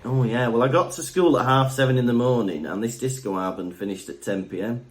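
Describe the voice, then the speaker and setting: A young man co-hosts a podcast, chatting casually in a fairly quick, medium-pitched voice. He's jokey and rambling, telling stories with lively energy.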